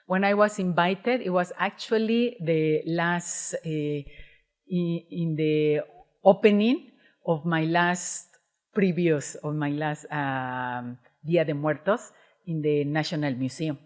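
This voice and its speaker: A woman's voice: deep voice, slow, a little mellow. A woman from Mexico with a strong Mexican accent, giving a lecture in an auditorium and often restarting her sentences. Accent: Mexican Spanish. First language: Spanish. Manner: hesitant, many restarts and fillers. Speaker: guest speaker, independent curator. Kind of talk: lecture presentation.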